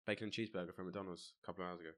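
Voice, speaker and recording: A man's voice: low-pitched, steady tone, rapid-fire, fairly bright tone. A young English man co-hosting a podcast, ranting in blunt, jokey banter. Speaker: podcast co-host. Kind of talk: casual banter.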